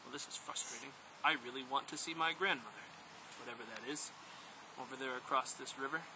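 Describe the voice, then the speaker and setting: A man's voice: fairly high pitch, normal speed, noisy background, natural voice. A man voicing a naive, eager first man full of childlike wonder, told as a story. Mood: puzzled. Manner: excited, puzzled, childlike wonder.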